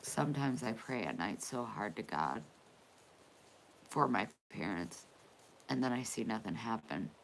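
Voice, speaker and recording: Low, slow-talking woman in emotional vlog. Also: animated, vocal fry, slight background noise. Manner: emotional, quiet, hesitant, with restarts. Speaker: vlogger. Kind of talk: emotional personal talk.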